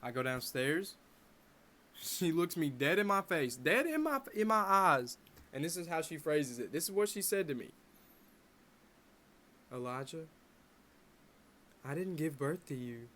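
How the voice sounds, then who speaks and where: Young man telling a story, pitched a bit high. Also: normal speed. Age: young adult. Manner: animated, dramatic retelling with wry asides. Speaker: vlogger. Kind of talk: casual storytelling to camera. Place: his bedroom at home.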